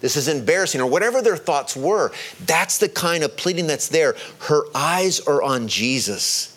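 A man preaching a sermon, stressing key words and slowing down to drive his points home. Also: expressive, fairly bright tone. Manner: emphatic, rises in pitch on key words, slows to stress points.

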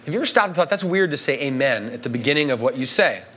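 A man's voice: medium pitch, lively intonation, very fast, a bit bright, breathy edge. A man preaching a sermon to a congregation in an emphatic, conversational way, often checking in with the listeners. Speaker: pastor.

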